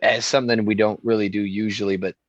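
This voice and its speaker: Low-voiced man telling a rambling story. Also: flat delivery, fast talker, dry recording, muffled recording. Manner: rambling, filler-heavy storytelling. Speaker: podcast co-host. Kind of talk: casual chat.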